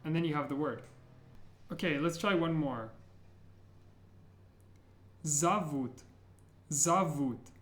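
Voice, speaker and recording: A man teaching the letters of an alphabet as a language teacher, slowly repeating each sound clearly for beginners. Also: on the high side, fairly bright tone, echoey room. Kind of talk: slow, careful alphabet lesson.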